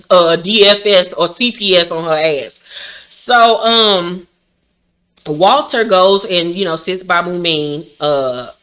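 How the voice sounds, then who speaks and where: A woman recaps a reality show in a sassy, blunt and animated way, now and then breaking into shrieking outbursts. Her voice sits a little low but sounds bright and forceful. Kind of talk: casual, profane recap commentary.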